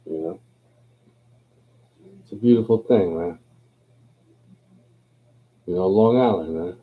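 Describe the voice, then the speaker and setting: This tipsy livestream host has a low, slightly rough voice and talks slowly, rambling through casual chat in a laid-back, profane way. The audio has phone-quality sound.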